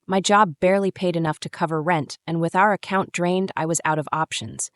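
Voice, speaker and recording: A woman in her thirties narrating a first-person drama story in a measured, brooding way. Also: fairly low pitch, steady tone, no room sound, studio quality. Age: 30s.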